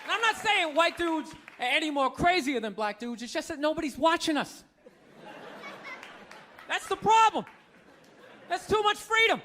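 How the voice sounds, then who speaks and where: Man, stand-up comedy, very high voice, sharp and bright, profane incredulous rant, faint crowd behind. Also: big pitch swings, normal speed, pauses often, slight background noise. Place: stage before a live audience.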